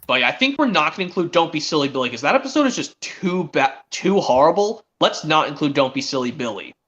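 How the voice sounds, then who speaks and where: Guy hosting a stream, rambling excitedly, voice bouncing all over, sounds a bit muffled. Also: a little high, fast. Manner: rambling and excited, with many restarts. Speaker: stream host. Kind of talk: casual fan chat. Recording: dull lo-fi stream audio.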